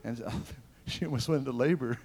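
A middle-aged man preaching a revival sermon at mid pitch. He tells personal stories with animated energy, rising to loud, ringing lines and dropping to hushed, intimate asides. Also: moderate pace, husky.

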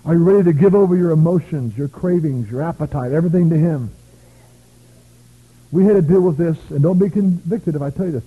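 A man's voice: a little high, quick pace, few pauses, breathy edge. A man from the United States preaching a revival sermon, telling stories with bursts of praise. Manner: emphatic, storytelling, shouts of praise. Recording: tinny lo-fi phone-like audio.

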